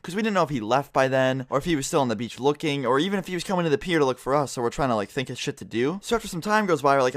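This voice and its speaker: A man's voice: medium pitch, animated, rapid-fire, few pauses, no echo, clean studio sound. A young man vlogging and streaming, telling a story in a casual way and swearing constantly. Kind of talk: storytime vlog.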